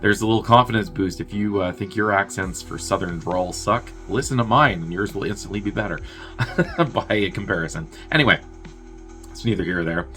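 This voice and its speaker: A man's voice: on the low side, brisk, pushed and bright, soft background music. A man hosting a movie review show, casually recapping a plot in a rambling, wry way and laughing at his own jokes. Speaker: movie review podcast host.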